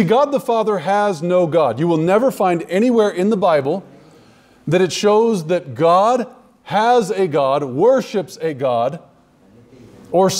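Speaking directly to a live congregation, a man delivers an emphatic sermon, slowing down to stress key words. His voice is a little high with a darkish tone.

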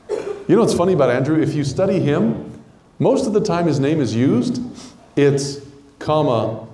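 Male preacher with a mellow tone and animated delivery, acts out characters, echoey room. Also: a little high, unhurried. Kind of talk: conversational sermon. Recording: roomy echo.

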